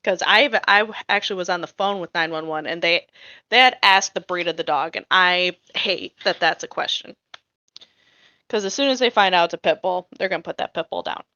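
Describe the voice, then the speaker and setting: A woman's voice: fairly low pitch, brisk, bright, forceful tone, no echo, highs cut off. A woman co-hosting a podcast, telling a story in casual chat in a blunt, profane way that gets heated. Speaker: podcast co-host.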